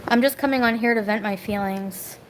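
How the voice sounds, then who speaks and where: A woman's voice: mid-range voice, brisk, a little hiss or hum, poor audio. A woman venting on a live stream from her home, rambling and bitter, snapping back at people in the chat. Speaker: livestreamer. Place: home kitchen.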